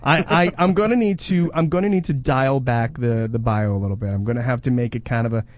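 A man's voice: medium pitch, fast talker, no room sound. A man with a New Jersey accent co-hosting a comedy show, joking in casual banter with frequent restarts. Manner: joking, with self-correcting restarts. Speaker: co-host.

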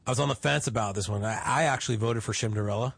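A man's voice: mid-range voice, rapid-fire, creaky, husky, no echo. A man co-hosting a podcast, talking bluntly and crudely in casual banter. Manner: blunt, animated, swearing. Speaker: podcast co-host.

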